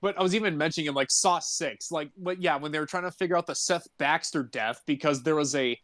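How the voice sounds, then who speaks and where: A man's voice: a little high, fast, a bit bright, no room sound, studio quality. A man co-hosting a podcast in casual chat, rambling through long stories and laughing easily. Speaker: podcast co-host.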